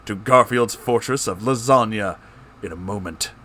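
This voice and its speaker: A man voicing an ominous founding-father figure in a comedic story reading, low and foreboding. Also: moderate pace, sharp tone, a little hiss or hum.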